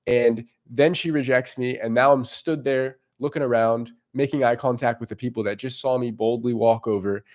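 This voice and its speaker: A man's voice: mid-range voice, steady tone, moderate pace, hardly any pauses. A young man talking frankly as a dating coach in a casual monologue, swearing freely.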